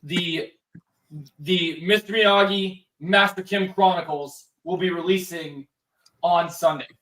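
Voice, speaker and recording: A young man hosting a casual livestream, talking in a rambling way full of restarts and repeated words. His voice sits high. He sounds set back from the microphone. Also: fairly even intonation, slow, pushed and bright, distant mic, low-quality recording. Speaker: livestream host.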